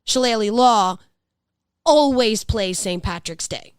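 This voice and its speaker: This podcast co-host, a thirtysomething New Yorker, talks slowly and smoothly in a fairly high voice, laughing, cursing, and frequently starting over mid-thought. The recording has no echo and is studio quality.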